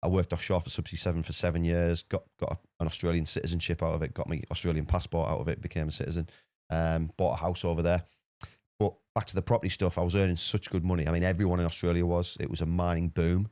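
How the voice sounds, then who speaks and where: Fast-talking deep-voiced man. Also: no room sound. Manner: rapid, animated anecdote-telling with repeated words. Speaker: podcast guest. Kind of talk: casual storytelling.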